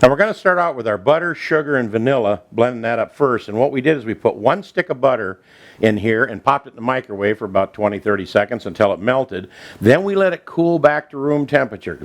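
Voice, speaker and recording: A man from Minnesota hosting a home cooking show, chatting in a homespun way while he explains each step in his kitchen. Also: mid-range voice. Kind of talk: folksy cooking demonstration.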